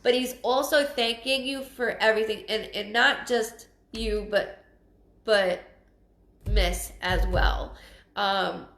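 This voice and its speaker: A woman giving a live psychic reading, earnest and emotional, halting and often restarting her sentences. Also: a little high, fairly even intonation, vocal fry, a bit bright, reverberant. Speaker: psychic medium. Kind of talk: live-streamed spirit reading.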